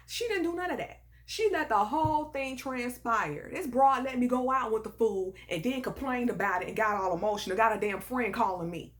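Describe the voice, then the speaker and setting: A woman telling a personal story in a casual, animated and emphatic way, full of sass. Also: fairly high pitch, normal speed, hardly any pauses. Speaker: storyteller vlogger.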